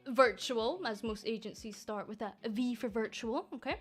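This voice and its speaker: A woman's voice: a little high, normal speed, soft background music. A woman from Scotland who runs a VTuber agency, talking casually and sarcastically to her viewers and swearing freely. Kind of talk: casual stream chat.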